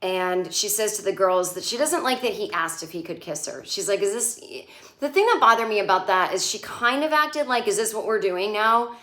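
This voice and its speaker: A woman's voice: medium pitch, lively intonation, moderate pace, a bit bright. A woman comedian recapping a TV episode in a chatty, sarcastic way, swearing freely and acting out the characters' lines. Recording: echoey room.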